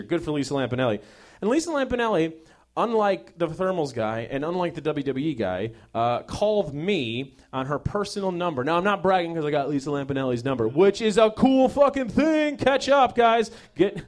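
A young man hosting a show, delivering a sarcastic, profane comedic monologue that swings between mock outrage and mumbled asides. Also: on the high side. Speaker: host.

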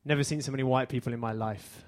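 Dry English stand-up comedian. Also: male voice, medium pitch, fairly even intonation, fast talker. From England. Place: theater stage.

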